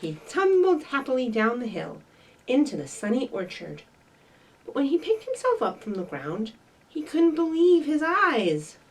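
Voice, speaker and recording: Animated woman reading to kids. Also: sits high, a little slow, recorded from a distance, rough recording. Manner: bright, sing-song, animated. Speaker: children's librarian. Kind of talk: children's story time reading and singing.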